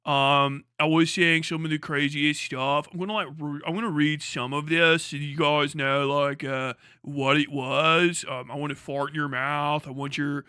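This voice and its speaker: A man's voice: on the high side, fairly even intonation, normal speed, hardly any pauses, sharp tone, smooth, dry recording, clean studio sound. Man doing a hesitant YouTuber. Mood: sheepish. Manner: mumbling, hesitant apology. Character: mocking impression of a British male YouTuber. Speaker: streamer.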